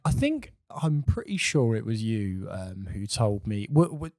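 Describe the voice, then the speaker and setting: A man's voice: on the low side, big pitch swings, darkish tone, dry recording, studio quality. A man hosting a comedy podcast, asking questions in casual chat. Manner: quick, hesitant questions with fillers. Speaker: podcast host.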